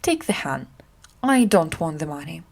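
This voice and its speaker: A woman's voice: low-pitched, big pitch swings, normal speed, creaky, exaggerated voice. A woman reading as a market woman. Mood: softened. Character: indignant market woman with a basket.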